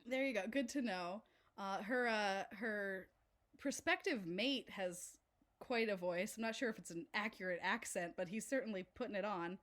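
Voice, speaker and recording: A woman co-hosting a podcast, chatting casually about a film, animated and laughing as she mimics characters. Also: mid-range voice, normal speed. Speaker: podcast co-host. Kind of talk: casual film-review chat.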